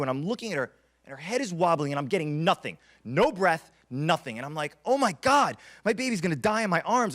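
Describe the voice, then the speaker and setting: A man in his thirties delivers a motivational keynote in a conference room, his voice a touch high and swinging widely in pitch. He tells stories with dramatic emphasis and repeats his key lines. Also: fairly bright tone. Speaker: keynote speaker.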